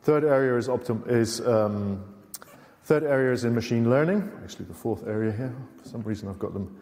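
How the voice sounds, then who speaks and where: A middle-aged British man with a mid-range, slightly mellow voice speaks a little fast while giving a technical conference lecture in a university lecture theatre. His talk is full of fillers and dry, sarcastic asides, and the hall sounds reverberant.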